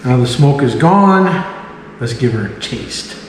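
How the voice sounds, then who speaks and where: A man's voice: medium pitch, expressive, a little slow. A man casually chatting and joking to himself while he makes a smoked cocktail at home. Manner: chatty, jokey, talks to himself while working. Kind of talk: casual talk while demonstrating. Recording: echoey room audio with long reverb and faint hiss.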